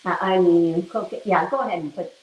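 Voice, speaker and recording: A woman's voice: fairly low pitch, fast, muffled recording, slight background noise. A woman hosting a livestream, chatting casually with viewers in a rambling way while she cooks. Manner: rambling and chatty, often laughing and restarting. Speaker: livestream host. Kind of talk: casual chat with live viewers while cooking.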